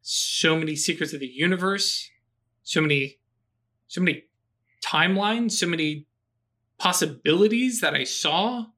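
Guy doing a dazed mage dude, bright and a bit high, pleading and awestruck. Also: unhurried, long pauses.

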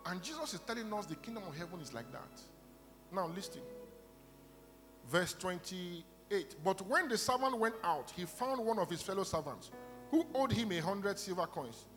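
A man preaching a sermon in a church, retelling a parable and praying aloud, swinging from quiet storytelling to loud bursts of prayer. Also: high-pitched, expressive, normal speed. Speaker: pastor. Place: church hall. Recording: reverberant hall with music behind. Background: instrumental music.

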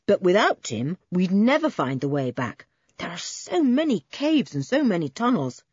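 A woman voicing a sensible older schoolboy who leads the group calmly. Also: medium pitch, normal speed, husky, no room sound, lo-fi sound. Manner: calm and sensible.

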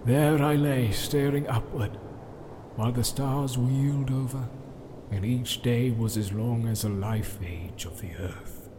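Gandalf, ein Mann spricht den alten Zauberer. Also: male voice, medium pitch, steady tone, noisy background, natural voice. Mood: grave. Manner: solemn, measured, chanting verse. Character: ancient wise male wizard, grave and solemn. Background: film score music.

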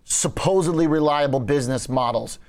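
A man hosting a financial news panel, asking the guests pointed questions. He talks in a lively way with plenty of fillers. His voice sits somewhat high. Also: a little fast. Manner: questioning, animated, many fillers. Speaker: host.

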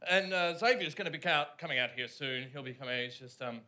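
An Australian man doing live sketch comedy for children on a theatre stage, loud, excitable and playful. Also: on the high side, fast, background noise. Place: theatre stage before a young audience.

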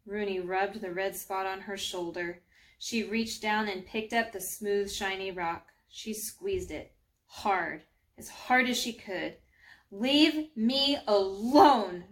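A woman reading a children's storybook aloud, gently, sometimes speaking directly to young listeners. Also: medium pitch. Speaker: storybook narrator.

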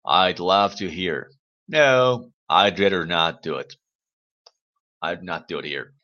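Guy rambling on a live stream, bright edgy voice, kinda dull lo-fi sound. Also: low-pitched, takes it slowly. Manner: chatty, rambling, teasing questions to viewers. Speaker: livestream host. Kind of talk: casual chat to live viewers.

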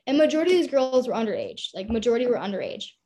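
A woman's voice: fairly high pitch, big pitch swings, very fast, warm tone. Chatty young woman telling a story. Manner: chatty, lots of "like". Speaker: guest. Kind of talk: casual storytelling.

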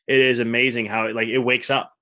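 A man's voice: medium pitch, little pitch movement, fast talker, bright, forceful tone. A man hosting a podcast, talking in an enthusiastic, rambling way with many restarts. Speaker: podcast host, chiropractor. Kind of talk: casual interview chat.

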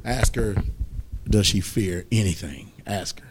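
A man preaching a sermon as pastor, rising to loud exhortation and dropping to soft asides. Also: on the low side, expressive, slow pace, pauses often, slight background noise. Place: church.

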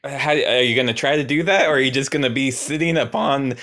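A man hosting an improvised comedy conversation, spinning playful scenes and yelling in character. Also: medium pitch, a little fast. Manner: playful, animated storytelling with sudden yelling. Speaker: improv podcast host.

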